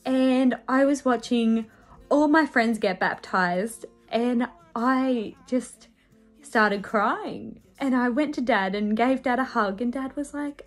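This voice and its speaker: Bubbly young woman presenter, bright high voice. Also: slow, faint music behind. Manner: bubbly, sing-song, acts out voices in stories. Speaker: children's ministry presenter. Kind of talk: storytelling to children.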